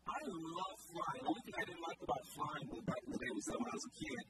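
Man, preacher, lively swooping delivery, conversational, distant mic, heavy background noise. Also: very high-pitched, fast. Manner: animated, conversational, asks the crowd questions. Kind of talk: sermon.

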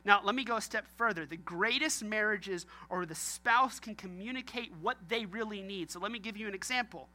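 A man's voice: sits high, fast talker, hardly any pauses, pushed and bright. A man preaching a sermon as pastor, joking and talking straight to his congregation.

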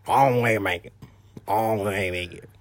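Man as a mumbly Creole guy, low, quiet, hard to follow. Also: normal speed, no echo, close to an everyday voice. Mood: mumbling.

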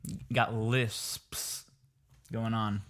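A man's voice: fairly low pitch, flat delivery, very slow, fairly bright tone. A young man co-hosting a casual podcast, trading jokes and swearing loosely with his friend. His talk is loose and crude. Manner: joking, swearing, talks through a healing mouth. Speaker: podcast co-host.

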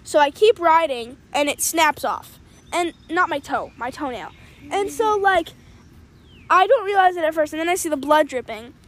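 A woman's voice: high voice, animated, moderate pace, fairly bright tone. A young woman telling a story in a casual chat, blunt and offhand, swearing now and then. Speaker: co-host.

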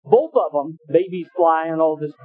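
Brief: male pastor, folksy sermon storyteller, slightly high voice, dry tinny phone-like sound. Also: moderate pace. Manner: folksy, anecdotal, with hesitant restarts. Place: church.

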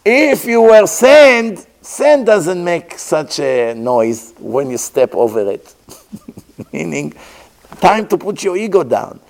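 A man's voice: a little high, very animated, takes it slowly, creaky, a little mellow. A man teaching a Torah class, asking his listeners rhetorical questions and mixing Hebrew terms into his English. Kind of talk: religious class.

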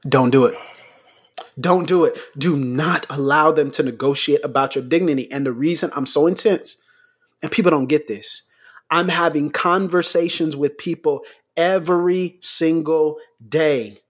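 A man's voice: fairly high pitch, steady tone, normal speed, fairly bright tone. A man co-hosting a podcast, speaking with preacher-like intensity and urgent, rising appeals. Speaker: podcast co-host. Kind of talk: impassioned commentary.

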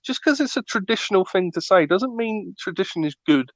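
Ranting man with fairly high pitch. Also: animated, a little fast, no echo. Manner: ranting, playful, acts out scenes. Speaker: podcast co-host. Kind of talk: casual chat.

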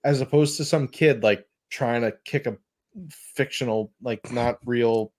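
A man hosting a podcast in casual chat, animated and rambling, often laughing. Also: medium pitch, measured pace. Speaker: podcast host.

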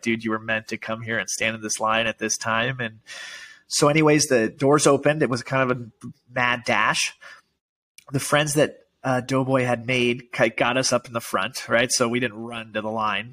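As a podcast guest in casual conversation, a medium-pitched man tells a story excitedly and emotionally, peppering it with "like" and "dude."

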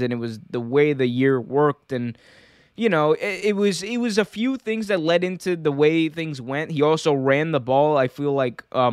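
A young man talks sports in a casual, animated way, firing off opinions and restarting his sentences. His voice is smooth and clear, recorded close and dry with no room sound. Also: fairly high pitch, no room sound. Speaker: sports show host.

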